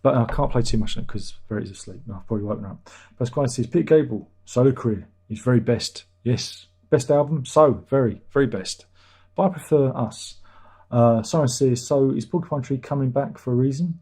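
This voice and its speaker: With a mellow, husky, mid-range voice and a fairly quick delivery, a middle-aged British livestream host works through viewer chat. He's chatty and casual, dropping dry jokes and chuckling along the way.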